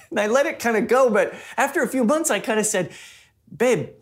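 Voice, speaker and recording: A man's voice: very high-pitched, animated, brisk. A man preaching a sermon as a pastor, in a conversational way that mixes personal stories with teaching.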